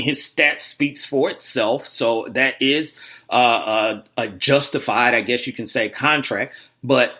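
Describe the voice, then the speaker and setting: A man hosting a sports talk show, rambling and animated, with lots of fillers and restarts. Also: mid-range voice. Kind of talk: casual sports radio talk.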